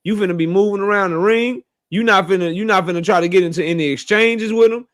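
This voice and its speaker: Man, boxing commentator, emphatic casual debate, slangy, high-pitched. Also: fast talker, a bit bright.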